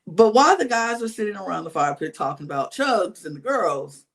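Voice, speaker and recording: A man co-hosting a podcast, recapping a reality dating show in casual chat with lively slang-filled storytelling. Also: sits high, brisk, gravelly. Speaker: podcast co-host.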